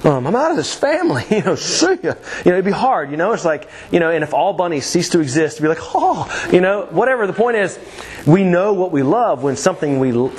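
A man's voice: fairly high pitch, a little hiss or hum. A man teaching a church youth class in a casual way, with lots of fillers, restarts and easy laughs. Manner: chatty, many fillers and restarts, laughs easily.

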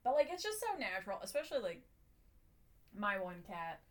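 Casting note: woman podcast co-host, mid-pitched voice, relaxed, leads the conversation. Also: brisk. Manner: relaxed, many "like" fillers, steers the topic. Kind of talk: casual chat.

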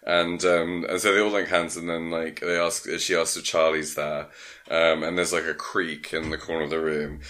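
A man's voice: low voice, level tone, normal speed, pushed and bright. A man, co-hosting a podcast, casually recapping a film plot in a rambling way, full of fillers.

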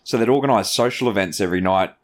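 A man's voice: fairly low pitch, fast. An Australian man, an army veteran hosting a podcast, telling stories in casual, swearing chat. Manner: animated storyteller who swears casually.

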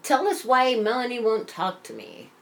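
A woman's voice: a little high, huge pitch swings, moderate pace, vocal fry. A woman co-hosting a casual chat, telling a story animatedly with lots of swearing. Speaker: podcast co-host.

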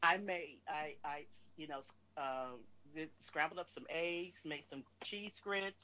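A woman's voice: sits low, measured pace, a crowd in the background, rough recording. A woman calling in to a talk show, telling stories emphatically with salty language. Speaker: caller. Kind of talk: casual call-in chat.

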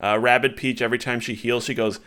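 A man's voice: medium pitch, level tone, quick pace, fairly bright tone, clear, resonant tone. A man co-hosting a casual podcast chat, talking loosely and animatedly with many fillers and restarts. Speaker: podcast co-host.

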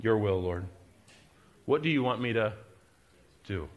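A middle-aged man, preaching a sermon and telling a story, moving from quiet, confiding asides to loud, driving emphasis. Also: fairly low pitch, lively intonation, measured pace. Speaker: pastor.

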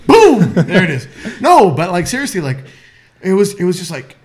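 Animated tipsy man telling a story. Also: high-pitched, moderate pace. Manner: animated, loud laughs, swearing. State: tipsy from drinking. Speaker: podcast co-host. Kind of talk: casual chat, storytelling.

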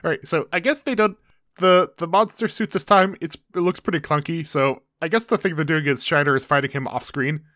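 A man's voice: on the high side, fairly quick, sharp tone, no echo. Laid-back man, dry close sound. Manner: wry, laid-back narrating. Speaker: podcast co-host. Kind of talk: casual recap chat.

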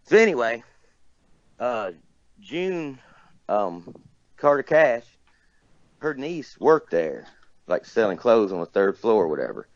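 A man's voice: mid-range voice, big pitch swings, slow, pauses often, no room sound, muffled recording. A man from near Nashville, casually telling a rambling story as a guest, cussing and laughing often. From Tennessee, near Nashville.

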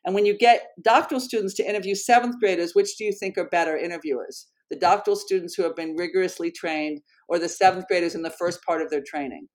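A woman educator speaking in an interview, earnest and animated, often correcting herself mid-sentence. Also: lowish voice, fast, hardly any pauses. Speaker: educator and program founder. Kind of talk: conversational interview storytelling.

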